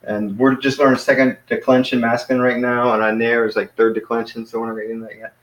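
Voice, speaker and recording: A man leads a relaxed, casual language lesson and explains each point patiently, one step at a time. His voice sits at a middle pitch. The room around him is noticeably echoey. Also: fast talker, muffled recording. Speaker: Greek teacher.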